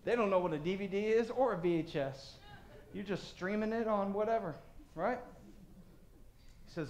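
Man, very high voice, animated sermon delivery, echoey hall. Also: normal speed, long pauses, slight background noise. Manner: animated, acts out voices of crowds and God. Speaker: pastor.

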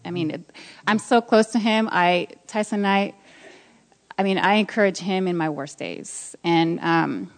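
A woman sharing a personal faith testimony, nervous and emotional, speaking softly with halting restarts. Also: on the low side.

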